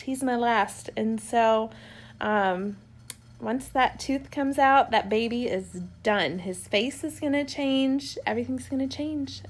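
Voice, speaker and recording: A talkative mother in her thirties rambles through the day's stories to camera, curled up in an armchair at home. She laughs easily and wanders between topics, her voice sitting a little on the high side. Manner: chatty, rambling storyteller who laughs often. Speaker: homeschooling mother vlogging. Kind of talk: casual unscripted chat to camera.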